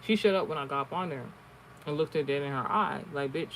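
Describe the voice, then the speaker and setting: Man streamer, fairly high voice, casual rambling storytelling, heavy swearing, faint background noise. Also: brisk, a bit bright, rough recording. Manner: rambling, profane, many restarts. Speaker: online streamer. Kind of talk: casual storytelling and card reading.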